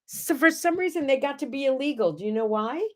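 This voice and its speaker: A middle-aged woman hosting a morning show, chatting to viewers and telling animated stories. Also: high voice, a little fast. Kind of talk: casual chat and storytelling.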